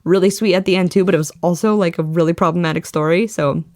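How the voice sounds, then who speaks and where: A woman co-hosting a podcast in relaxed casual chat, using lots of filler words and laughing often. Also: lowish voice, fast, dry recording, studio quality. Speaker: podcast co-host.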